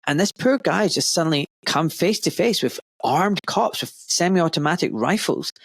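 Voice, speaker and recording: A British man hosting a podcast in casual interview chat, excitable and stumbling over his words. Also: a little high, normal speed, slightly rough, no room sound. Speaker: podcast host.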